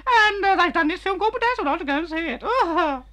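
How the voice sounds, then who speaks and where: A fussy old mother rambles on in a piercing falsetto, put on by a man, her voice leaping about in a sing-song way. It is a comic sketch, played for laughs. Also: lively intonation, quick pace, bright, forceful tone, full character voice. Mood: prim. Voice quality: shrill falsetto. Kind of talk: improvised comedy sketch.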